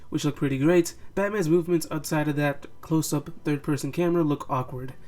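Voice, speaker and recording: A man's voice: a little high, a little mellow. A young man narrating a scripted game retrospective, with a casual manner and sarcastic asides. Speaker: game reviewer.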